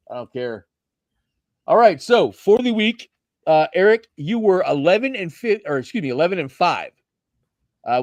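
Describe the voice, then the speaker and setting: A man hosting a casual sports talk show, animated and loose, swearing freely as he reads out the standings. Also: on the high side, dry recording. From Seattle area. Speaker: podcast host.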